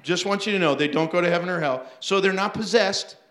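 A man's voice: sits high, fast talker, a bit bright, reverberant. A man preaching a sermon as pastor, telling stories animatedly with laughs and acted-out asides.

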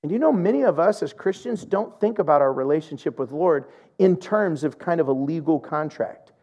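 Animated male pastor telling a story. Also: a little high, moderate pace, highs cut off. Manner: animated storytelling, acting out quoted voices. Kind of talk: sermon with a personal story.

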